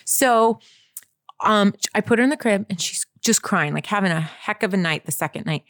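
A woman's voice: medium pitch, moderate pace, a bit bright, dry recording, clean studio sound. A young adult woman co-hosting a casual talk show, telling a long story in a chatty way, full of "like" and asides to listeners. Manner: chatty storyteller, lots of "like" and "you guys". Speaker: podcast co-host. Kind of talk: casual chat.

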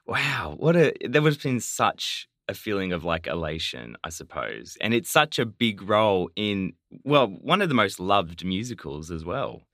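Lively podcast host, man. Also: fairly low pitch, normal speed, hardly any pauses, no room sound, studio quality. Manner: enthusiastic, chatty. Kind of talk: casual interview chat. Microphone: video call.

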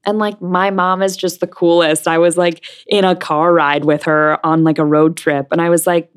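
A young woman talks freely as an interview guest, piling in fillers as she goes. Her voice sits low for a woman. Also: little pitch movement, normal speed, clean tone. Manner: chatty, lots of fillers. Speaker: interview guest, stage actress. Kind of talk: casual interview chat.

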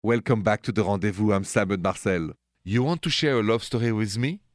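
A man's voice: fairly low pitch, fairly quick, no echo, studio quality. A man with a thick French accent hosting a late-night call-in radio show about love, talking in a playful, romantic way. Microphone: studio microphone.

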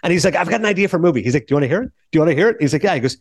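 A man's voice: a little high, very animated, rapid-fire, few pauses, slightly rough, no echo. A man hosting a podcast, casually retelling film anecdotes with quoted voices and laughter. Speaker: podcast host. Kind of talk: casual storytelling chat.

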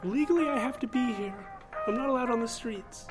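A woman's voice: a little high, a little fast, loud music behind the voice, close to an everyday voice. A woman playing a sad, hapless whiskey-drinking woman who stammers hesitantly in an improvised comedy sketch. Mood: sheepish.

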